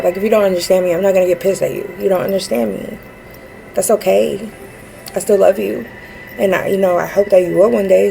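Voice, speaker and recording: A woman's voice: medium pitch, vocal fry, darkish tone, slight background noise, low-quality recording. A woman vlogging a rambling personal rant, earnest and frustrated, with many fillers and restarts.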